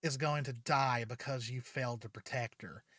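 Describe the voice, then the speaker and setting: A man's voice: medium pitch, fairly even intonation, normal speed, a bit bright, no echo, studio quality, close to an everyday voice. A man reading the lines of a cruel, taunting male villain in a retold fan story. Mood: gloating. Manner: gloating, menacing taunts.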